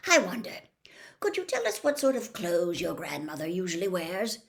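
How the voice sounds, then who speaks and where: Professor Lupin, read by a woman, calm and kind. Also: lowish voice, moderate pace, gravelly. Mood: patient, kindly. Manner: gentle, patient, encouraging. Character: kind calm male teacher, middle-aged.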